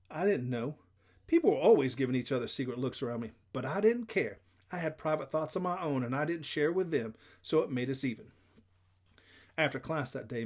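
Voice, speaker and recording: A man reading a children's novel aloud in plain, steady first-person narration. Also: medium pitch. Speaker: audiobook reader.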